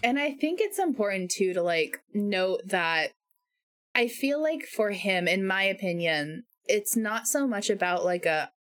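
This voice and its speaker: Female podcast co-host, mid-pitched voice, earnest and thoughtful, casual delivery. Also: expressive, unhurried, a bit bright. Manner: earnest, thoughtful, hedging opinions. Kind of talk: casual anime discussion.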